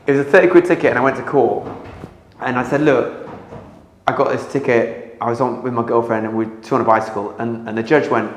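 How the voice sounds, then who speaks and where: A man's voice: medium pitch, moderate pace, a little hiss or hum. A man, a comedian guest, animatedly telling a story in an interview and acting out the dialogue. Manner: animated, acts out dialogue, laughs at his own story. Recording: echoey room with long reverb.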